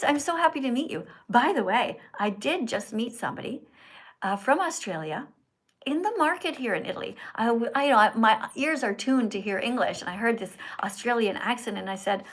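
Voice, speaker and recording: A woman's voice: fairly high pitch, lively intonation, fairly quick, fairly bright tone. Earnest woman hosting a phone livestream. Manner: earnest, preachy, teacherly. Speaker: livestream host. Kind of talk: live stream chat with viewers. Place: indoors in Italy.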